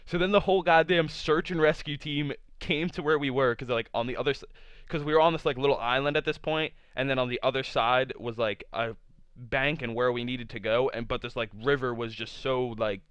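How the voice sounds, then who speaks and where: A man's voice: medium pitch, fairly quick, a bit bright, clean tone, dry recording. A young man vlogger telling a casual storytime tale, rambling with lots of "like" fillers and plenty of swearing. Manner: rambling, full of "like" fillers, profane. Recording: dull lo-fi sound.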